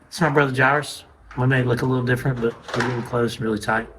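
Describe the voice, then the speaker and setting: A man's voice: medium pitch, steady tone, fast talker. A man, a store co-owner, teasing his staff and joking in casual behind-the-scenes chat. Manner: joking, teasing, laughs often. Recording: clear background noise.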